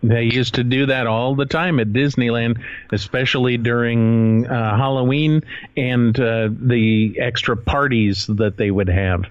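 A man in a casual podcast chat, telling stories in a slow, measured way. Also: medium pitch, fairly even intonation, no echo. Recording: dry, slightly muffled audio.

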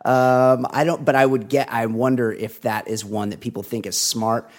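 A man at ordinary pitch chatting on a comedy podcast. He rambles with crude, wry humor and trails off mid-thought. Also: steady tone, moderate pace, a little mellow. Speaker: podcast co-host. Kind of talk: casual comedic chat.

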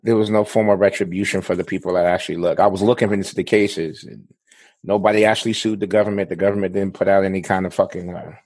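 A man's voice: sits low, steady tone, fast, a little mellow, dry recording. A man co-hosting a podcast, talking bluntly and casually with frequent swearing. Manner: blunt, swears freely, laughs often. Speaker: podcast co-host.

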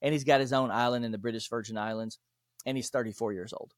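In a clean, dry studio recording, a man who is an author and podcast guest tells interview stories quickly, voicing the dialogue with animated flair. His voice sits in the mid-range.

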